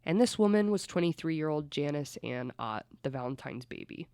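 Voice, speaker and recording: Podcast host, mid-pitched, chatty true-crime storyteller who swears freely; dry, close recording. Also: animated, moderate pace, a little mellow, smooth, dry recording.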